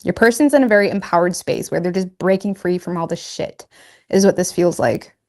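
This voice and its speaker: A woman's voice: on the low side, brisk, a little mellow. Woman, tarot reader, casual and chatty, self-amused, lots of filler words. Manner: chatty, laughs at herself, lots of "like" and "you know".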